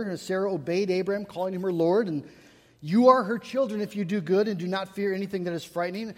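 High-voiced man preaching in a hall. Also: a little mellow. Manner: earnest, storytelling with self-deprecating humor. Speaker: pastor. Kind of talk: sermon.

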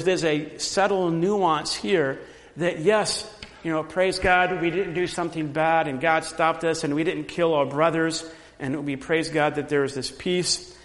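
Male pastor, sermon, slow deliberate delivery, long hall reverb, emphatic swells. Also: on the high side. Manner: emphatic preaching, rising loud on repeated phrases.

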